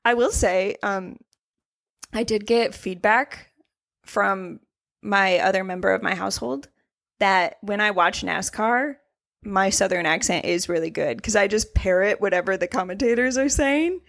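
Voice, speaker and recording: A woman co-hosting a racing podcast in casual chat, animated and laughing often, with frequent swearing. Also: medium pitch, a little slow, creaky. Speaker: podcast co-host.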